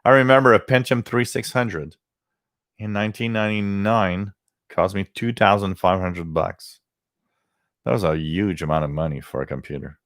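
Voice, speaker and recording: Man, fairly low voice, rambling casual livestream chat, dry close sound. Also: moderate pace, a bit bright, no echo. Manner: rambling storytelling, greeting chat viewers by name. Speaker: livestream host.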